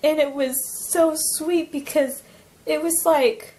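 A young woman from Alaska recounting a personal near-death experience, talking in an emotional, halting way with many fillers and restarts. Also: sits high, fairly even intonation, mellow, low-quality recording. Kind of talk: personal testimony, casual storytelling.

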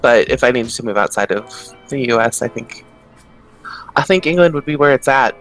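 A man from the Pacific Northwest co-hosts a relaxed podcast chat at a middle pitch. He hesitates, doubles up his words and laughs easily, with soft music faintly underneath. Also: normal speed, low-quality recording. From Pacific Northwest of the United States. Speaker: podcast co-host. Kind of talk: casual chat.

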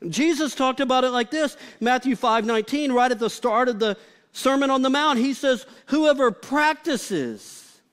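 A man's voice: very high voice, a little fast, fairly bright tone, smooth. A male pastor preaching a live sermon in a conversational, humorous way, often saying "like". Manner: conversational and humorous, with frequent filler "like".

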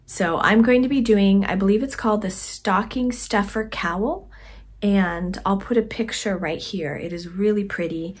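A woman vlogger chatting casually about her knitting projects in a soft, conversational way that often trails off quietly. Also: medium pitch, slightly rough. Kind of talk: casual chat to camera.

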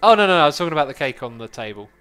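A man's voice: fairly high pitch, big pitch swings, very fast, a bit bright, faint music behind. A man hosting a casual gaming livestream, cheerful and jokey as he tours builds with a friend. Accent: British. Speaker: livestream host.

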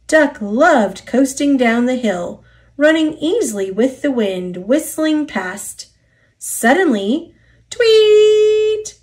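A woman reading a children's picture book aloud, expressive and deliberate. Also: fairly high pitch. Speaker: storybook narrator.

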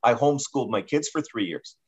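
Middle-aged canadian guy, talks fast, cracks dry jokes at himself. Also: mid-range voice, a little mellow, slightly rough, dull audio. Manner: quick, self-deprecating jokester. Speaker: guest author. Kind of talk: casual interview chat.

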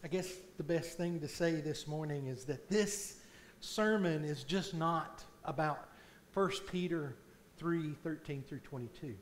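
A man preaching a sermon as pastor in a church, slow and deliberate, swelling loud on key points. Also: on the high side, slight background noise. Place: church sanctuary.

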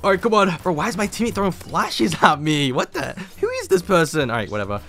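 A young man doing excitable gameplay commentary as a gaming host, saying "bro" all the time. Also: high voice, fast talker. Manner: excitable, says "bro" constantly. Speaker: gaming YouTuber.

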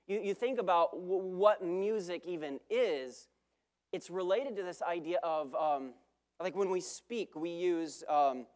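Emphatic man preaching a sermon. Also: a little high. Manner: emphatic, repeats key phrases, self-correcting asides. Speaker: guest preacher.

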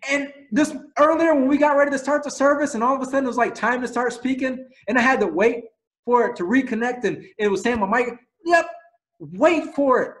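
A man preaching a sermon, telling lively stories and closing in soft prayer. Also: very high-pitched, a little fast. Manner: animated storytelling, rising to loud exclaims. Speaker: pastor.

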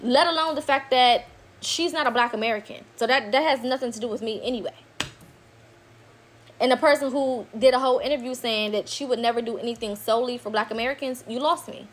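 A woman's voice: a little high, fairly quick, slight background noise. A woman giving a blunt, profane direct-to-camera rant, hammering points by repeating them. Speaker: political commentator.

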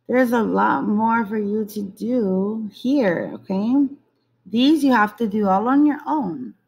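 A woman teacher speaks slowly and deliberately, repeating each word so young learners can count its syllables. Her pitch sits in a middle range and her tone is patient and instructional. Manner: slow, repeats words to model syllables. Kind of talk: teaching lesson.

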